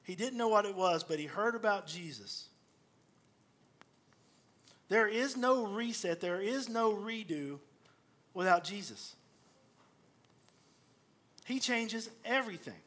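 A middle-aged pastor delivers a sermon in a voice pitched higher than most men's. He tells stories in an animated way, acting out the lines of the people in them. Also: takes it slowly, pauses often. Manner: storytelling, animated, acts out quoted voices.

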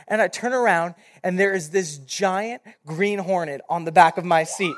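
A young man, a youth pastor, giving a sermon and telling a personal story in a casual, animated way. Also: high voice, normal speed, hardly any pauses.

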